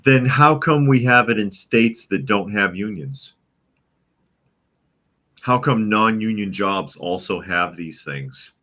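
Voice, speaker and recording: Deep-voiced man mocking the news. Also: expressive, slow, sharp tone. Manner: mocking, chuckling while reading chat comments. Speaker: podcast host. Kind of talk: live-stream news commentary.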